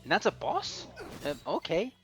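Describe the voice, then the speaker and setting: A man casually narrating his own playthrough, reacting out loud to whatever happens on screen. His pitch swings up and down a lot, and faint music plays underneath. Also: huge pitch swings, moderate pace. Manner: chatty, reacting to the game as he plays. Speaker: let's play host. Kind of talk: casual gameplay commentary.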